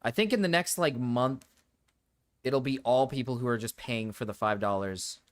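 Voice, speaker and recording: Young man, mid-pitched, doing loose reaction commentary on a live stream; jumpy energy, cusses freely, breaks into high yelps. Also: normal speed, no room sound. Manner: excitable, swears, frequent laughter, sudden high yelps.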